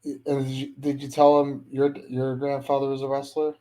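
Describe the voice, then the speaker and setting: A man's voice: mid-range voice, monotone, moderate pace, mellow. A man who wrestles, talking casually as a podcast guest and promoting his upcoming shows. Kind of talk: casual chat.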